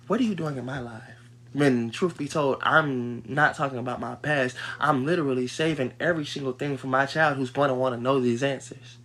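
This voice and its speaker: A man on a livestream, ranting in a heated, profane way, dropping to low mutters and then breaking into loud outbursts. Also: a little fast. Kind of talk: livestream rant.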